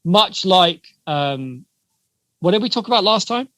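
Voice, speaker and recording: Bright-voiced man musing thoughtfully. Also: high-pitched, lively intonation, no echo. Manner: reflective, halting with restarts. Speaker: podcast co-host. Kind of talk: casual film discussion.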